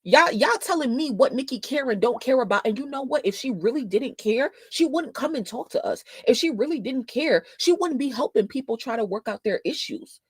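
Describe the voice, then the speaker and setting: A woman's voice: high-pitched, lively intonation, brisk, hardly any pauses, breathy edge, no echo. Blunt, profane woman livestream host. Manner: blunt, profane, swings from quiet explaining to loud scolding. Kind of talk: casual livestream commentary.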